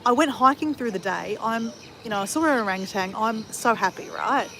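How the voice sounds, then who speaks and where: A woman's voice: on the high side, lively intonation, fairly quick, pushed and bright, slight background noise. A woman of fifty chatting casually on a travel livestream and answering viewers in a rambling, talkative way with frequent swearing. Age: 50s. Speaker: travel vlogger.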